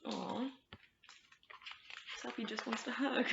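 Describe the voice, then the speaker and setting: A woman's voice: medium pitch, a little slow, gravelly, background noise. A woman librarian reading picture books aloud to children, talking to them in a sing-song way. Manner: warm, sing-song, talks to kids. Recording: roomy, slightly dull sound.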